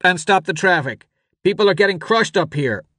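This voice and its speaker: A desperate father shouts urgent orders over a crackling radio, voice pushed high and strained, as a male narrator puts him on. He commands rather than asks, clipped and insistent, in a dry, close recording. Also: moderate pace, no echo. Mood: urgent commanding. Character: frantic father, a man yelling over radio.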